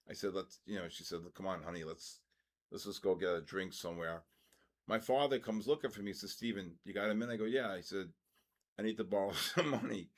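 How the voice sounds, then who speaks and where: Older man telling stories, trading live. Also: lowish voice. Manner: storytelling, then loud excited market calls. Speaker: trading session host. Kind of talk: live trading stream chat and storytelling.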